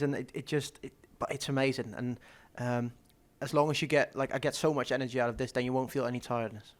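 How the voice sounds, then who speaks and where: A man's voice: mid-range voice, clear, resonant tone. A young man, a professional darts player, answering interview questions casually, restarting words and laughing often. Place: stadium media day.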